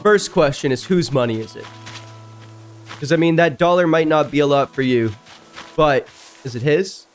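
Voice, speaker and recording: A man streaming a game, reading stories aloud and breaking in with loud, jumpy reactions. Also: normal speed, pauses often, faint music behind. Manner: reacts loudly, jumps high in pitch. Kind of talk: casual reading and commentary while gaming.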